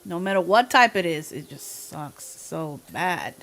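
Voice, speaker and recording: A woman livestreamer chatting casually with her viewers, talkative, slangy and quick to laugh. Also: lowish voice, lively intonation, a bit bright.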